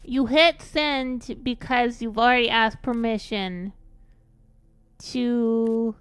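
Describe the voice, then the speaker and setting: A woman's voice: on the high side, steady tone, slow pace, a bit bright, clear, resonant tone, dry recording. A woman streaming a game and chatting casually, rambling along with frequent giggles and calling herself by her own nickname. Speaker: VTuber streamer.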